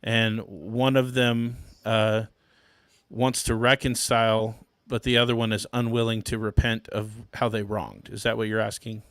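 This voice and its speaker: A man who is a pastor, guesting on a podcast and explaining his view step by step in a measured way. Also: lowish voice, flat delivery, a bit bright, clean tone, no room sound. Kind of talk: casual theology discussion.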